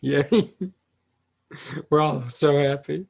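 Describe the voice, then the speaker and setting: A man casually chatting about manga as a co-reviewer, animated and quick to laugh along. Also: on the high side, gravelly. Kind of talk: casual chat.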